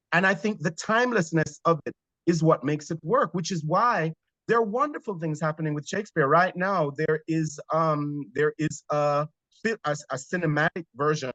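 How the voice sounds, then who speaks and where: A man from Jamaica with a Jamaican accent, a theater actor telling stories in an interview, animated but hesitant. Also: on the high side, no echo, poor audio. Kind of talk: conversational interview.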